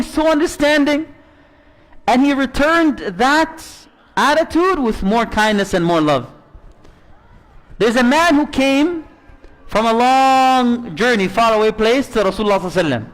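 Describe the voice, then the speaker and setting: High-voiced man preaching a story sermon. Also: brisk. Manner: animated, conversational, acts out quotes in the story.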